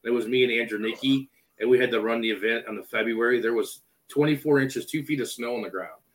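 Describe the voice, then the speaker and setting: A man tells a story in a casual chat, animated and acting out each exchange. His voice sits at an ordinary pitch. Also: quick pace, rough recording. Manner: animated storyteller, acts out dialogue.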